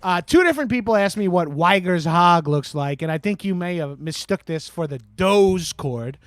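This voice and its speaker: A man's voice: high-pitched, animated, moderate pace, dry recording. A man playing a crude, boastful radio host with a Long Island accent, taking calls on a comedy show. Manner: boastful, crude, swaggering, lots of swearing and "bro". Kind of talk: improvised comedy call-in show.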